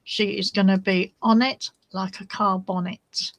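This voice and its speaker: A woman's voice: medium pitch, level tone, a little slow, few pauses, no echo, low-quality recording. A woman hosting a crafting vlog, chatting casually and easily distracted while she shows her resin swatches. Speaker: crafting channel host.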